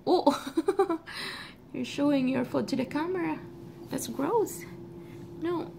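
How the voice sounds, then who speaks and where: A woman's voice: high-pitched, slow, vocal fry, background noise. A woman filming a casual home vlog, talking sweetly to her children over breakfast. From Philippines. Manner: doting, sing-song talk to her kids.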